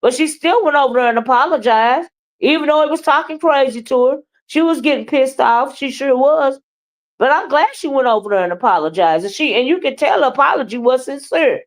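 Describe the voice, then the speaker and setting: Blunt, profane woman commentator. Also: high-pitched. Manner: blunt, profane, animated, trash-talking. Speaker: livestream commentator. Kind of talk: live commentary and chat with viewers.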